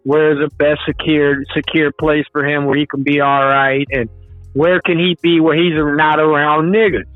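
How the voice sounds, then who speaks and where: Male caller on a phone line, steady explainer, faint music underneath. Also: a little high, moderate pace, no room sound. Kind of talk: casual talk show chat.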